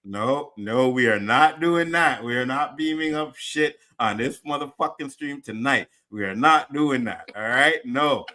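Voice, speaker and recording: A man's voice: medium pitch, unhurried, few pauses, pushed and bright. A man co-hosting a livestream show, ranting casually and swearing constantly in heated outbursts. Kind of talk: casual profane rant.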